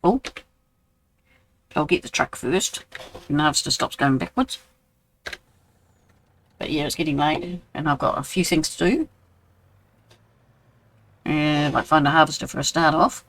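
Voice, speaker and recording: A man's voice: a little high, measured pace, long pauses, a bit bright, poor audio. A man in his sixties with a New Zealand accent, chatting casually with viewers while streaming a game and answering their messages. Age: 60s. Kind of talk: casual live-stream chat.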